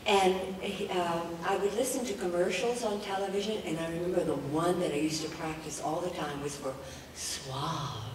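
A woman's voice: fairly low pitch, steady tone, fairly quick, few pauses. An older voice actress chatting on a convention panel, laughing often and restarting her sentences. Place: large convention hall. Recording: echoey hall recording from far off, noisy.

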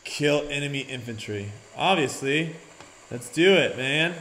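Young male gaming host, animated and shouty, roomy room tone, faint music bed. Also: fairly high pitch, measured pace, slight background noise. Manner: energetic, bursts into loud shouts, reads on-screen prompts aloud. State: sore mouth after dental work. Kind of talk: excited let's-play commentary. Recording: roomy home recording with game music behind.

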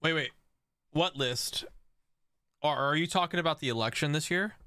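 A young man streaming an online strategy game, reacting excitedly to chat and laughing at other players. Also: fairly high pitch, normal speed. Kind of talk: live game stream commentary.

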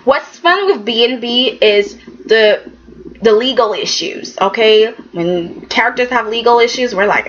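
A woman's voice: a little high, lively intonation, measured pace, a bit bright, muffled recording. A woman recapping a soap opera in a chatty, emphatic way, often saying "okay" and acting out the characters' lines. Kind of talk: casual recap commentary.

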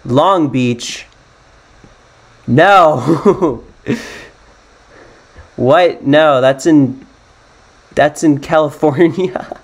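A man's voice: a little high, very slow, vocal fry, long pauses. A young American man giving casual, self-mocking commentary as he plays a geography guessing game, rambling and thinking aloud. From United States. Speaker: gaming YouTuber.

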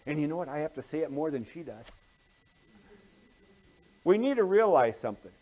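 A male pastor preaching an evening sermon, telling a story and repeating key phrases, swinging between loud emphatic build-ups and soft, low asides. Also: sing-song, moderate pace, poor audio.

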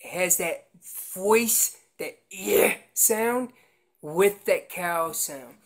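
A man's voice: high-pitched, animated, drawn-out words. A man explaining how to make an elk call, teaching in an earnest way and often repeating words as he goes. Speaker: elk calling instructor.

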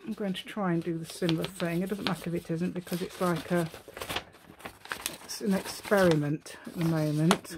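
A woman's voice: lowish voice, background noise. A middle-aged woman hosting a casual crafting tutorial, chatting as she works, thinking aloud, poking fun at herself and humming little tunes. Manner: chatty, thinks aloud, self-mocking, hums and sings to herself. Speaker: craft channel host.

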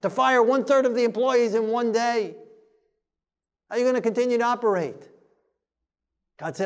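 A man preaching a sermon, forceful and plain-spoken, mocking timid voices as he quotes them. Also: extremely high pitch, moderate pace, pauses often.

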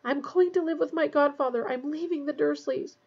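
A woman voicing a brave teenage boy wizard who shouts spells in panic. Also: high-pitched, fairly quick, dull audio, voice pushed up. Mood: earnest pleading.

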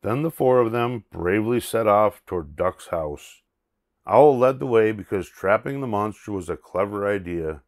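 An older man reading a children's storybook aloud, expressive and playful. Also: lowish voice, moderate pace.

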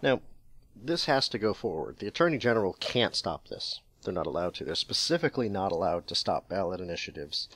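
A man's voice: deep voice, sing-song, brisk, fairly bright tone, no room sound. A man from New England co-hosting a podcast, talking in opinionated casual chat and telling stories with acted inner voices. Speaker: podcast co-host.

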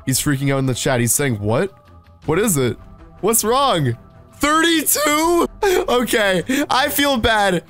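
A young man hosting a gaming video, giving excited commentary, exclaiming and laughing often. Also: fairly high pitch, unhurried, faint music behind. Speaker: gaming channel host.

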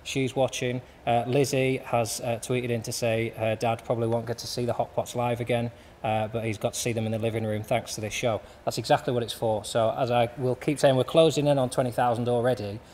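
A man's voice: mid-range voice, flat delivery, a little mellow. Dry-humored man hosting, reverberant room. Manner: dry, self-deprecating, halting with filler uhs. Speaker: host of a charity fundraiser stream. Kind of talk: hosting, introducing acts. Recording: reverberant room with faint background noise.

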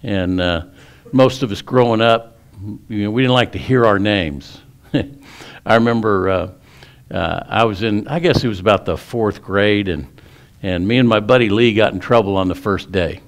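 A man's voice: lowish voice, moderate pace. A male pastor preaching a sermon in a folksy storytelling way, often restarting his sentences.

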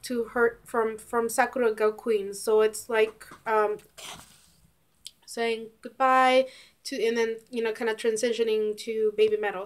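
A woman giving casual reaction commentary as a YouTuber, rambling with many fillers and fighting back tears. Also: on the high side.

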